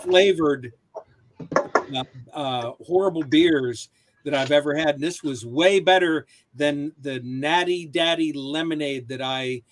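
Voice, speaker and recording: Slow, rambling man on a video call. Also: on the high side, a little hiss or hum. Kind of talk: casual chat on a live web show.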